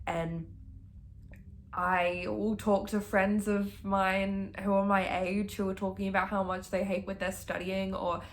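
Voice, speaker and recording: Young woman, book vlogger, casual, gushing, sweary; mid-pitched voice. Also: level tone, unhurried. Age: young adult. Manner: gushing, chatty, swears freely. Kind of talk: casual reading vlog chat.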